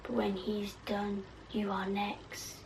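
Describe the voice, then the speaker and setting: A woman's voice: monotone, takes it slowly, gravelly, far from the mic, low-quality recording. A woman voicing a cruel, cackling witch from a storybook, reading from her own fan story. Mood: menacing. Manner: shrill shouted cackle.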